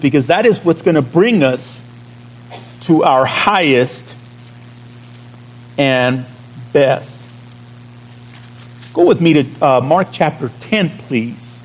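Slow-preaching man, slightly high voice. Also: husky, poor audio. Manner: conversational preaching, drawing out key words and checking in with the congregation. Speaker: pastor. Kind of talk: sermon.

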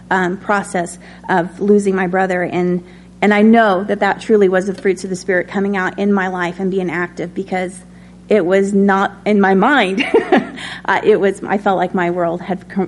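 A woman's voice: medium pitch, a little hiss or hum. Woman teaching a conversational sermon. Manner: warm, personal, talks with many ums and light laughs. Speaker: Bible study teacher.

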